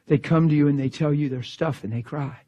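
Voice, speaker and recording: A male preacher delivering a fervent sermon in a husky voice, swinging from exclamations down to hushed whispers. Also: fairly high pitch, a little fast.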